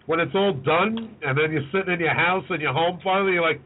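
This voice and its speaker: A man with a somewhat high voice makes offhand, easygoing remarks as he co-hosts a casual podcast, with the odd curse. The sound is thin and phone-like. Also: fast. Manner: laid-back, offhand remarks with swearing. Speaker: podcast co-host. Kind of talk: casual chat.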